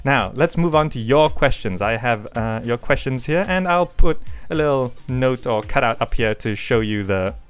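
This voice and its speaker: Guy answering fan questions on his gaming channel, smooth clear voice, lots of uhs, some soft music behind. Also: medium pitch, animated, normal speed, few pauses. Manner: rambling, chatty, frequent hesitations. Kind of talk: casual Q&A vlog. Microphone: desk microphone. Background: faint background music.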